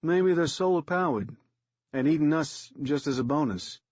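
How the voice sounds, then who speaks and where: A man's voice: on the high side, expressive, normal speed, a little mellow, no room sound, dull audio, voice pushed up. A man doing a big rambling ex-con. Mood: musing. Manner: musing, speculative. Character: huge tattooed ex-con man, rambling and musing.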